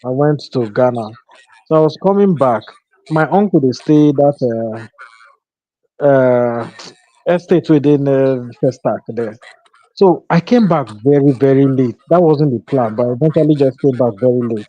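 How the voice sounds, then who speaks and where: A man with a Nigerian accent, telling a story in casual chat, in a relaxed way with soft laughs. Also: medium pitch, normal speed, lo-fi sound.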